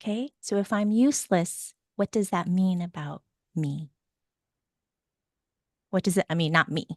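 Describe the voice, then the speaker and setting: A woman coach guiding a session, asking gentle probing questions and talking people through their feelings. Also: lowish voice, unhurried, no room sound, clean studio sound.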